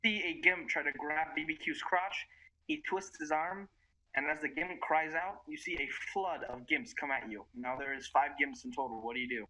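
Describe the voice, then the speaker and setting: A man running an online tabletop game as game master, his voice very bright and ringing. He sets the scene with crude, joking descriptions, pitched a touch higher than most men. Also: normal speed, poor audio.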